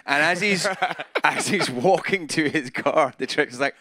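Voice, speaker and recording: A man's voice: on the high side, lively intonation, normal speed, a bit bright, no echo, clean studio sound. A man, a guest actor, telling rambling, self-deprecating stories in casual interview chat with plenty of fillers. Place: live event after a film screening.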